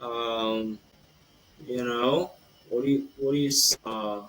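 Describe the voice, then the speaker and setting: A man's voice: medium pitch, steady tone, slow, fairly bright tone, low-quality recording. A man hosting a casual sports podcast, rambling through betting picks with lots of ums and a habit of tagging "eh" onto his sentences. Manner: rambling, filler-heavy, says "eh".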